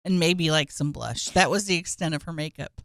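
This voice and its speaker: A woman co-hosting a casual comedy podcast, laughing often and chiming in with quick riffs. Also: low-pitched, a bit bright, no echo, clean studio sound. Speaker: podcast co-host. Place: home dining room.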